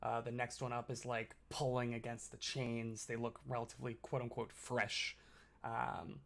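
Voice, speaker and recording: A man narrating a tabletop game as game master, loose and casual with frequent fillers. His mid-pitched voice has a gravelly, creaky texture. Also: flat delivery, moderate pace.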